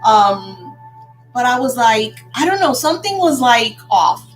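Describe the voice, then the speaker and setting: A woman's voice: on the high side, very animated, unhurried, faint music behind, poor audio. An older woman teaching a live class on spiritual practice in a chatty storytelling way, laughing often. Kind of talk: casual live-stream class.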